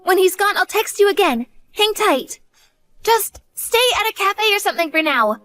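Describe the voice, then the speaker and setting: A woman's voice: very high-pitched, lively intonation, moderate pace, a bit bright, no echo. A woman doing an earnest college-age daughter. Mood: frightened. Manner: earnest, pleading.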